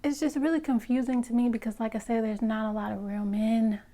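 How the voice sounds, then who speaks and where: A woman's voice: fairly high pitch, steady tone, fairly quick, warm tone. A woman giving frank relationship advice straight to her viewers, emphatic and direct, often checking in with "okay?" and "you know?". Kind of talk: direct-to-camera opinion talk.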